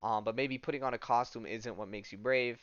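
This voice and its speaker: A man's voice: mid-range voice, fairly even intonation, a little fast, fairly bright tone, smooth, no echo, muffled recording. A man hosting a podcast, casually recapping a comic in a rambling, self-correcting way. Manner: rambling, lots of fillers and restarts. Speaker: podcast host.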